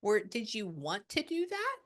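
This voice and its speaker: A woman working as a psychic medium, talking casually and excitedly with many fillers, relaying what spirits say. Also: a little high, measured pace. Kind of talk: casual spirit reading session.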